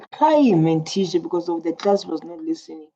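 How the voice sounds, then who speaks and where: A woman's voice: low-pitched, warm tone. A woman giving rambling, chatty reaction commentary, often repeating her words. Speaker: reaction video host. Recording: slightly muffled lo-fi recording.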